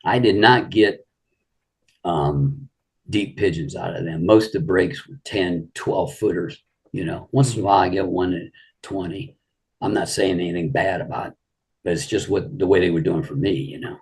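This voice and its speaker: Older male guest, gravelly and deep, easygoing storyteller who rambles. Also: moderate pace. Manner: rambling anecdotes full of "you know". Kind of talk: casual storytelling interview.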